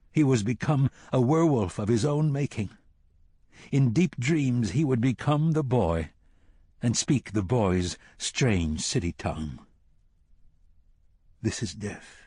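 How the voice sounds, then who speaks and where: A man narrating a novel as an audiobook in a measured, solemn storytelling manner. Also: on the low side, lively intonation, dark tone, slightly rough, dry recording. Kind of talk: scripted narration.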